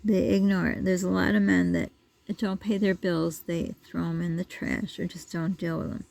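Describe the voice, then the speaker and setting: A woman's voice: fairly low pitch, flat delivery, normal speed, gravelly, a little mellow. A woman vlogger telling a story in a casual, rambling way, full of asides and restarts. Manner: rambling, digressive, with many asides.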